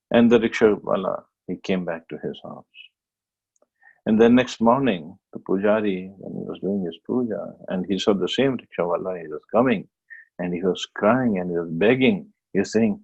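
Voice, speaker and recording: A man giving a devotional scripture class, telling a story plainly with many pauses and restarts. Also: low-pitched, gravelly, a little mellow, slightly rough, lo-fi sound.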